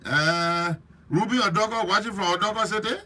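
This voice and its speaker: A man with a Liberian English accent hosting a live stream, chatting lively and preachy while teasing viewers by name. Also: high voice, brisk. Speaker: host.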